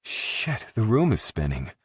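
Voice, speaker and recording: A man voicing a tipsy, defiant young woman who slurs and giggles, raised well above his own low, husky voice. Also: very animated, unhurried, dry recording, clean studio sound, heavily acted.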